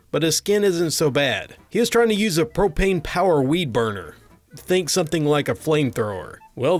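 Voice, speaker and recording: A man narrating a string of funny doctor and patient stories, with a dry comic delivery. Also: on the high side. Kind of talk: reading funny anecdotes aloud.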